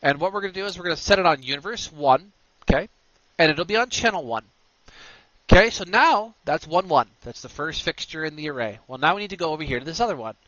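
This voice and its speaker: A man hosting a screen-recorded software tutorial, walking through steps with energetic, punchy instructions. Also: on the high side, fast talker, no room sound, muffled recording. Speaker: tutorial host.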